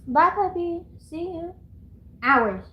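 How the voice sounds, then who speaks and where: A woman's voice: extremely high pitch, lively intonation, slow pace, echoey room, highs cut off, noisy background. A woman live-streaming from home, chatting casually and rambling to her viewers and herself. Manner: rambling, giggly, talks to chat and herself. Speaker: livestreamer. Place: at home, indoors.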